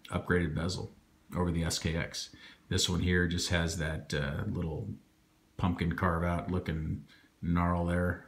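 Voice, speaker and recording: A man with a low voice walks through a watch comparison in a relaxed, rambling way. He keeps checking in with a quick "okay?" and fills his pauses with ums. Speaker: watch reviewer. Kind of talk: casual product review.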